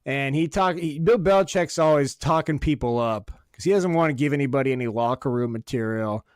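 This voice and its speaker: A man's voice: mid-range voice, brisk, no echo, clean studio sound. A man co-hosting a podcast, chatting casually with crude jokes and frequent laughter. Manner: joking, crude, laughs often. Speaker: podcast co-host. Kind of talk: casual chat.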